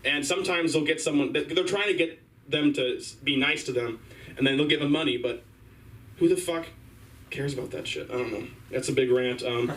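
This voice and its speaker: A young man doing a rambling open-mic stand-up set, halting and full of fillers. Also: mid-range voice, steady tone, a bit bright. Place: small comedy stage. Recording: distant mic, faint room noise.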